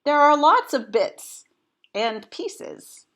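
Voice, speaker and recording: A woman voicing a cheerful, literal-minded young housekeeper in a read-aloud storybook, with a slow, bright, earnest delivery. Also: sits high, sing-song, slight background noise, voice pushed up, exaggerated voice.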